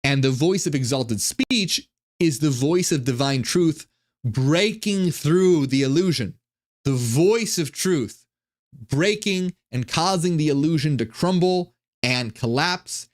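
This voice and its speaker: A man's voice: fairly high pitch, expressive, slow pace. A man hosting a channel, giving a rambling, profane monologue with many restarts. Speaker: channel host. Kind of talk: monologue commentary on ancient texts.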